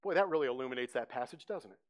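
A man preaching a sermon, telling the scene with lively storytelling and acting out the crowd's voices. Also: medium pitch, rapid-fire. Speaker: pastor. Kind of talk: sermon teaching.

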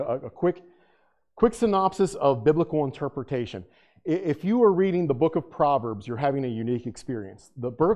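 A man teaching a Bible study as pastor to a live room, joking and animated, turning hushed and earnest when he prays. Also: a little high. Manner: drops to a hushed, earnest tone in prayer. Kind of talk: conversational sermon.

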